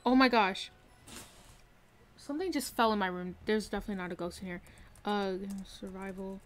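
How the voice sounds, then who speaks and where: A woman streaming a game live from her room, excitedly commenting and repeating herself with hyped exclamations. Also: mid-range voice, normal speed, a little hiss or hum. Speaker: gaming streamer.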